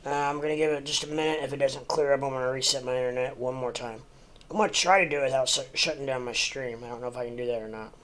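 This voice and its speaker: A man from the United States on a casual livestream, rambling along with plenty of fillers and restarts. His voice sits at an ordinary middle pitch, and he breaks off now and then to talk to his dog. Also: fairly even intonation, fast talker, a bit bright. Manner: talks to his dog mid-stream. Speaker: crypto livestream host.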